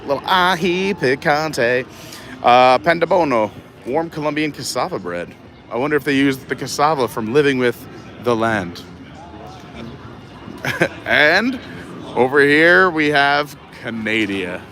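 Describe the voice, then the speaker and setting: A man's voice: mid-range voice, expressive, a little slow, bright, forceful tone, slight background noise. A man live-streaming a walk through a theme park festival, chatting casually and reading menu boards aloud. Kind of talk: casual walking commentary.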